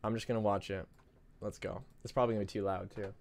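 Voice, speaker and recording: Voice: low-pitched, steady tone, fast, vocal fry, darkish tone, slight background noise. A YouTuber ranting through a reaction to a game trailer, swearing constantly and swinging between hype and exasperation. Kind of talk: profane reaction rant.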